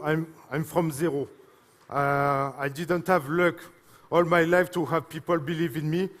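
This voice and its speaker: On stage at a live event, a French-accented man presents a product in a voice that's rather high for a man, each phrase echoing through the big hall with a long reverb tail. He sounds emotional and halting, relying on fillers and apologizing along the way.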